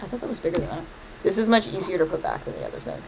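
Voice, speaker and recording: A woman's voice: fairly low pitch, huge pitch swings, rapid-fire, vocal fry, noisy background. A woman chatting casually over her gameplay, playfully scolding the game with mock-dramatic outbursts. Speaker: gaming streamer.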